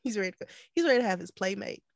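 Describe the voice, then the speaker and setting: Talking rapid-fire with lively intonation and vocal fry, this thirtysomething podcast co-host has a mid-range voice. She keeps the chat casual, laughs a lot, and performs quotes, with no echo in the recording.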